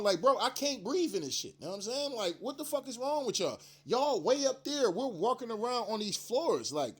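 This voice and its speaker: A man with a fairly high voice talks straight to his audience in a loose, profane rant. He rambles, restarts his sentences and leans hard on slang and emphasis. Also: sing-song, moderate pace, hardly any pauses, breathy edge. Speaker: commentary channel host. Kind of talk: casual profane rant to camera.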